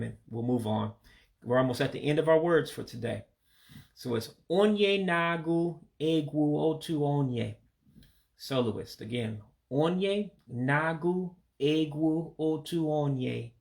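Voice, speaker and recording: A man teaching vocabulary in a casual spoken lesson, patiently repeating each word slowly so listeners can practice along. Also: medium pitch, creaky. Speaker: language learner teaching vocabulary.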